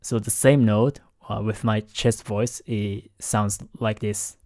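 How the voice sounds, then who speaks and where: Slow, careful man explaining singing. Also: lowish voice, fairly even intonation, a little mellow, no room sound, studio quality. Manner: careful, halting explanations with repeated words; keeps his voice down late at night. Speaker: host analyzing singing technique. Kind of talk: explanatory commentary.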